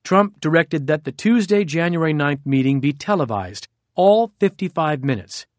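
A man's voice: on the high side, expressive, moderate pace, no echo. Man with a dry, close narrating voice. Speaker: audiobook narrator. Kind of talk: nonfiction audiobook narration.

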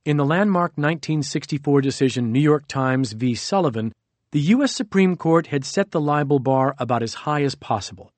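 A man narrating a nonfiction audiobook in a measured, steady reading. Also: on the high side, no room sound.

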